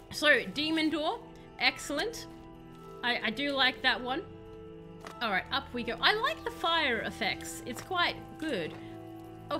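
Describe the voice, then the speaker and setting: Chatty young woman gamer, high voice, jokey tangents, some soft music under it. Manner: chatty, rambling, playful joking asides. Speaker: game streamer. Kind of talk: casual live-stream chat while playing.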